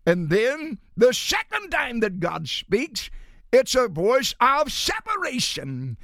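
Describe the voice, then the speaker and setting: A man preaching a sermon as a pastor, rising into shouts and then dropping low and slow. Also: huge pitch swings, dry recording, clean studio sound.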